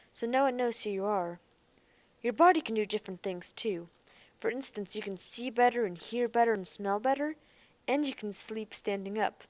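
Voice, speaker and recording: A woman voicing a defensive, boastful young man in a robot body who is quick to shout. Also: a little high, no echo, natural voice.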